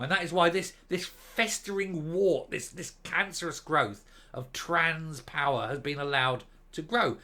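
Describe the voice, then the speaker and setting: Man with a bright, forceful voice, ranting sarcastic commentary over a news story. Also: a little high. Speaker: commentary vlogger. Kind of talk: opinionated commentary on a news article.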